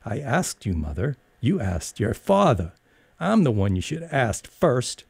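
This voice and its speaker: A man voicing a spoiled, quick-tempered young woman who argues in a sharp, exasperated, whiny way and ends up crying. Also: medium pitch, very animated, gravelly, breathy edge, no echo, pitched above the performer's own voice, full character voice.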